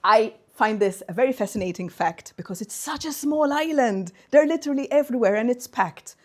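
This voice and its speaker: Woman guest speaker, animated seminar talk, leads the room through words. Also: a little high, brisk. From Malta. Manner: playful, drilling the audience in phrases.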